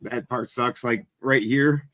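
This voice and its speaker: A man chatting casually, rambling through stories with plenty of swearing. His pitch sits in an ordinary middle range, and the talk stays relaxed and conversational. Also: slow pace. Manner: rambling storyteller, swears freely. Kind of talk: casual chat.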